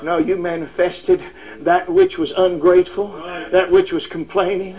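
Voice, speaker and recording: High-pitched impassioned male preacher. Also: flat delivery, moderate pace, a little mellow, highs cut off. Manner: impassioned, emphatic preaching with frequent "uh" fillers. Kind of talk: sermon. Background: faint congregation responses.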